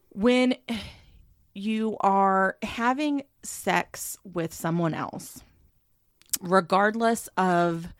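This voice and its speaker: A woman's voice: on the low side, clear, resonant tone, no room sound, clean studio sound. A woman co-hosting a podcast in casual chat, playful and brash, swearing freely and laughing often. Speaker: podcast co-host.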